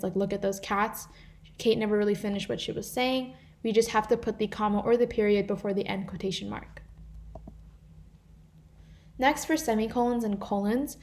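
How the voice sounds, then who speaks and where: Teen girl explaining punctuation rules over a computer mic, steady voice, says um and you know a lot. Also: mid-range voice. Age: teens. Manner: explanatory, walks through slide examples with fillers. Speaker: volunteer grammar tutor. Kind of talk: live online class teaching.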